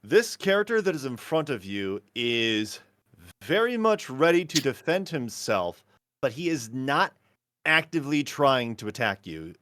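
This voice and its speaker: A man's voice: medium pitch, big pitch swings, unhurried, a bit bright, no echo, studio quality. A man running a tabletop game as game master, narrating scenes casually with lots of fillers and laughter. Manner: casual, laughs often, fills with "like".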